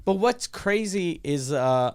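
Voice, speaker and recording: A man's voice: high voice, animated, slow pace, clear, resonant tone. A man co-hosting a comedy podcast, telling loose, profane stories in casual chat. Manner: loose storytelling, swears freely. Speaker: podcast co-host.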